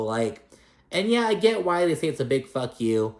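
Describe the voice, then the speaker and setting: Speaking at normal speed in a mid-range voice, a man hosts a casual reality-show recap from an echoey room. He's profane and animated, performing the cast members' lines as he quotes them.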